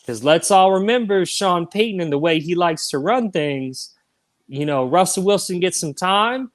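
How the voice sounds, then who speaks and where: A man's voice: high voice, expressive, moderate pace. A man co-hosting a sports podcast, making his case emphatically and repeating points for stress. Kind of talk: casual sports debate.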